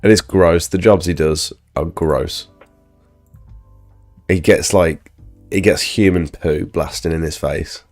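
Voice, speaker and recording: A man's voice: deep voice, fairly even intonation, takes it slowly, pauses often, darkish tone, faint music behind. A man who is feeling ill, chatting casually on a live stream about his pressure washing business, rambling with lots of fillers.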